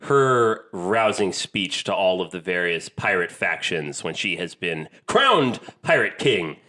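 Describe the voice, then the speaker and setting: A man's voice: low-pitched, sing-song, unhurried, bright, forceful tone. A man co-hosting a casual film podcast, blunt and argumentative, swearing freely. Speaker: podcast co-host. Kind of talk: casual chat.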